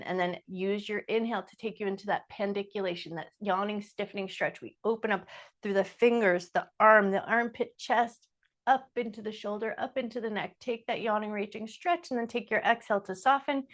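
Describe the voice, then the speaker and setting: A woman teaching chair yoga, calmly cueing each breath and movement in short, slow phrases. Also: medium pitch. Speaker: yoga instructor. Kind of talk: guided chair yoga instruction.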